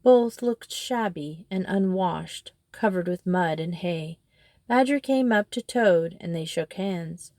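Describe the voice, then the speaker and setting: A woman reading a children's storybook aloud in a steady, expressive way. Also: fairly low pitch, slow pace, no room sound, clean studio sound. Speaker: storybook reader. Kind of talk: storybook narration.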